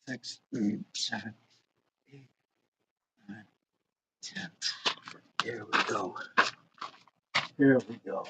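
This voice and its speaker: A middle-aged man with a lowish, slightly rough voice hosts an outdoor fitness livestream. Between casual remarks he reads viewer comments aloud and counts his reps. The sound is dull and lo-fi with faint noise.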